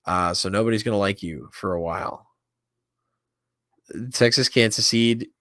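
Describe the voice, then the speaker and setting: A man's voice: on the low side, moderate pace, sharp tone, no room sound, studio quality. Crude, mocking male streamer. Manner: crude, mocking and incredulous, heavy swearing. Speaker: streamer reacting to a video. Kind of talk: casual reaction stream.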